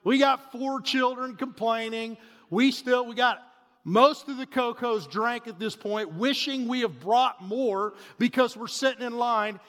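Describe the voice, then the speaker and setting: A man in his forties preaching a sermon, telling a family story in an animated way that swings between loud bursts and hushed asides. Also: very high-pitched, measured pace. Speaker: pastor. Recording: reverberant hall.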